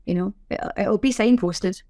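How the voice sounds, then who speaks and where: A middle-aged Scottish woman, a sign language interpreter, chatting in a podcast interview with a lively, self-deprecating way of telling things. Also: mid-range voice, moderate pace, no echo, clean studio sound. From Scotland. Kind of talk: casual interview chat.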